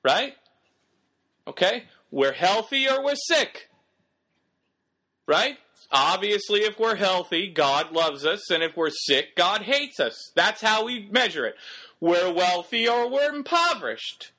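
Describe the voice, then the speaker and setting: A man's voice: high voice, expressive, takes it slowly, sharp tone. A man preaching a sermon in an emphatic, exhorting way, firing rhetorical questions at the congregation.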